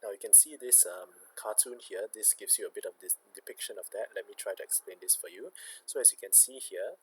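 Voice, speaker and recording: A man's voice: lowish voice, a little fast, slight background noise, low-quality recording. A man teaching a recorded history lesson, explaining step by step and checking in with "okay".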